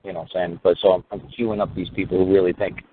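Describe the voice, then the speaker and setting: A man's voice: sits low, little pitch movement, rapid-fire. A man hosting a call-in talk show, blunt and sarcastic, breaking into profane rants. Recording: tinny phone-line sound with faint noise.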